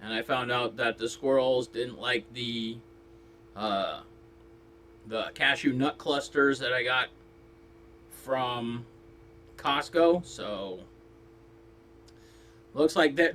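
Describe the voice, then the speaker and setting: A man rambling through a jokey casual monologue, coughing often and breaking into sudden loud outbursts. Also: medium pitch, slow pace, pauses often, a little hiss or hum. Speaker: vlogger. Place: Los Angeles.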